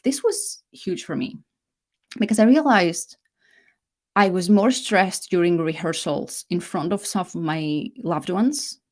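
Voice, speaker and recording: A middle-aged woman hosting a live online masterclass, talking casually and correcting herself as she goes, with lively emphasis. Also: fairly low pitch.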